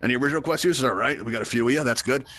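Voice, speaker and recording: A man's voice: mid-range voice, racing, fairly bright tone. A man from Brooklyn hosting a live virtual reality tutorial. He is chatty and joking, and often checks in with the audience by asking "right?". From Brooklyn, United States. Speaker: virtual reality event host and instructor.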